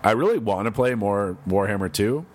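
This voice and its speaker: A man co-hosting a casual podcast chat, relaxed and joking, his voice a bit sick. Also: lowish voice, fairly quick. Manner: laid-back, quips and groans. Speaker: podcast co-host.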